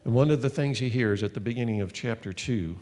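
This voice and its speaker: A man's voice: mid-range voice, quick pace, darkish tone, big-room sound. A man teaching a sermon as a pastor, earnest and conversational, reading passages of scripture aloud.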